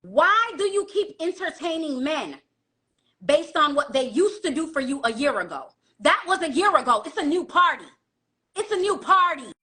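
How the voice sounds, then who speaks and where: A woman's voice: high voice, sing-song, normal speed, pushed and bright. A woman giving blunt dating advice in a casual monologue, lecturing and asking rhetorical questions.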